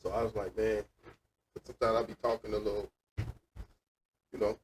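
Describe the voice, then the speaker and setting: An easygoing man recounting a story in a mid-range voice. He sits a little back from the mic, and soft noise hangs in the air. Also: lowish voice, moderate pace, recorded from a distance, rough recording. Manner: relaxed storyteller who acts out quoted lines. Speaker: podcast co-host. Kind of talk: casual chat.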